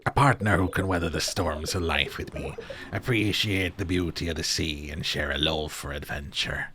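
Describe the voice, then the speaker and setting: A man voicing a gruff old male sea-loving game villager who calls people laddie. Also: very deep voice, normal speed, noisy background, pitched below the performer's own voice. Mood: hearty.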